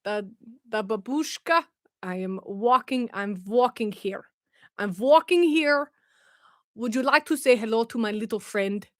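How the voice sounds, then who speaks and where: Brief: a woman doing a bumbling mock Russian-Italian tough guy, slow and overdone, in a close, dry sound. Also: on the high side, fairly bright tone, dry recording. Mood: hammy. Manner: slow, exaggerated mock accent.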